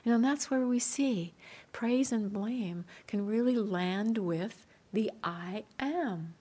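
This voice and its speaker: A woman meditation teacher gives a dharma talk at a slow, patient pace. Her voice sits at an ordinary middle pitch and stays gentle and soft-spoken. Light laughter eases her points along.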